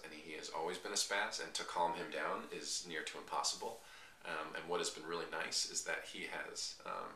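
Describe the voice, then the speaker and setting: A young man talking casually in a trip diary vlog, rambling and halting with many restarts. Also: a bass voice, vocal fry, bright, forceful tone. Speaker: long-distance walker vlogging his trip. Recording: echoey, distant, faint hiss.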